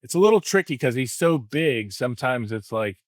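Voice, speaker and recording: A middle-aged man in a mid-pitched voice rambles through memories of his writing days. He often slips into acted-out lines to make a point. The sound is close and dry. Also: expressive, brisk, no room sound. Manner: loose, rambling, acts out remembered lines. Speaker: former wrestling writer, co-host. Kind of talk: casual podcast chat.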